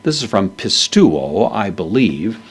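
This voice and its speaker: A man giving a measured, verse-by-verse Bible lesson, explaining the Greek words with frequent pauses. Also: on the low side, sing-song, breathy edge. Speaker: Bible teacher.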